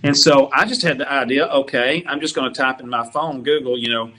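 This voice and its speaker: A man's voice: medium pitch, steady tone, a little fast, bright, forceful tone. A man telling funny road stories as a guest on a talk show, laughing as he goes. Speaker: guest musician. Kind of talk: casual storytelling on a talk show.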